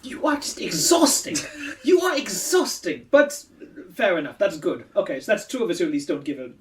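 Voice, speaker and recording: A man's voice: high-pitched, very animated, normal speed, recorded from a distance, a little hiss or hum, poor audio. A man voicing a blunt, sweary male adventurer.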